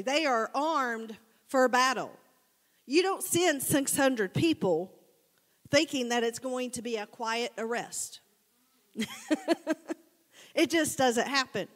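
A woman preacher giving a casual, animated sermon, telling the story conversationally and addressing the congregation as guys. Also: high-pitched. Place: church sanctuary. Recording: long church hall reverb.

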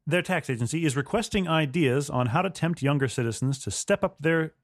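A man's voice: on the high side, a little fast, no echo, clean studio sound. A man co-hosting a comedy podcast, reading a news story aloud and breaking off for wry jokes. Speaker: podcast co-host.

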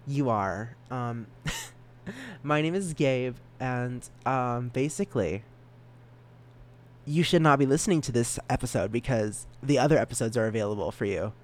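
A man's voice: mid-range voice, measured pace. A young man hosting a solo podcast, rambling and giggling at himself, with a stutter. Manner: rambling, giggly, self-mocking. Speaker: podcast host.

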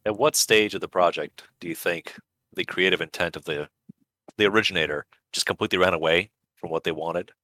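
A man's voice: sits low, a little fast, pushed and bright, no room sound. A man cohosting a podcast in casual chat, riffing sarcastically and tossing out mock quotes. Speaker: podcast co-host.

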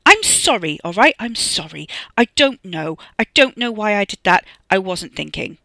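A sheepish young man pleading his case, as a woman narrator puts him on. He sounds defensive and sorry for himself, with a bright, forceful edge. The sound is close and dry. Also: fairly high pitch, big pitch swings, moderate pace, no room sound, voice pushed up, full character voice.

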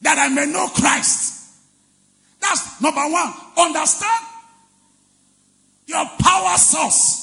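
High-pitched, gravelly preacher in a reverberant hall. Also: male voice, takes it slowly, pauses often. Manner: call-and-response preaching, shouting and chanting phrases. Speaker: pastor. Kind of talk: sermon. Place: large church hall.

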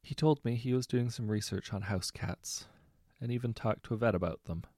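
A man reading short anecdotes aloud in a relaxed, conversational way, correcting himself now and then. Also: medium pitch, moderate pace, dry recording, clean studio sound. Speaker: story narrator.

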